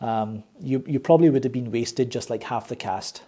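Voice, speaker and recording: A man's voice: medium pitch, moderate pace, mellow. A man hosting his own movie review channel, ranting with sarcasm and frequent swearing. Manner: sarcastic, swears a lot, exasperated.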